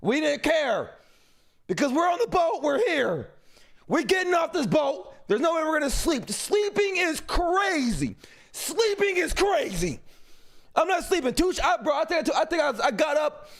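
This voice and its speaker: A male streamer talking loudly and emphatically over a clip, swearing as he goes. His voice sits very high for a man and has a gravelly edge. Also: big pitch swings, fairly quick. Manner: loud, emphatic, swearing, interrupting. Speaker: streamer host. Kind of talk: live stream commentary.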